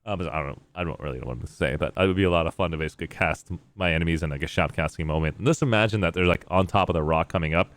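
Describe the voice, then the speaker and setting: Low-voiced male streamer chatting with chat. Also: very fast, hardly any pauses. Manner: rambling, reads chat messages aloud and responds. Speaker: game streamer. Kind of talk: casual live-stream chat.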